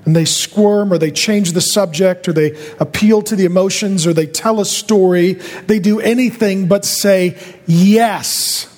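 A man preaching a fervent sermon as a pastor, building from steady talk to loud, pleading shouts. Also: high voice, normal speed, hardly any pauses, big-room sound.

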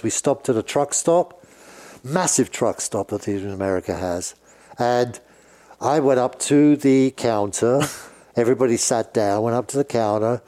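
A man's voice: medium pitch, mellow. An older man from England with a British accent, telling long, rambling stories about his years on the road as a guest in a casual chat. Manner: rambling anecdotes with frequent restarts. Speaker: guest, former road manager and sound engineer. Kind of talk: casual storytelling.

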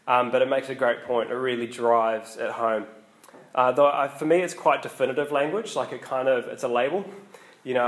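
A man giving a casual, conversational sermon, often pausing with ums and restarting his sentences. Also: mid-range voice. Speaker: preacher.

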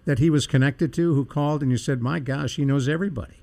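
A man's voice: medium pitch, quick pace, darkish tone. A male host conducting a casual interview, asking curious, playful questions.

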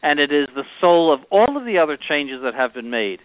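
A man speaks as a bishop, laying out doctrine in steady, explanatory terms. His voice comes through narrow and tinny, like a phone line. The sound is close and dry. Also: fairly high pitch, a little fast, no room sound. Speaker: bishop and co-host. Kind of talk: conversational religious commentary.

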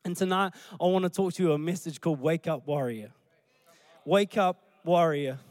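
A man, a pastor preaching a sermon through animated storytelling. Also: fairly high pitch, quick pace, no echo. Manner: animated storytelling, acting out scenes.

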